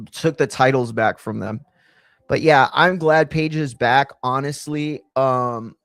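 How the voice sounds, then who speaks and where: A man's voice: mid-range voice, no echo, studio quality. A young man chatting casually through a wrestling watch-along, rambling with many fillers and casual swearing. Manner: rambling, profane, lots of fillers. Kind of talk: casual live chat.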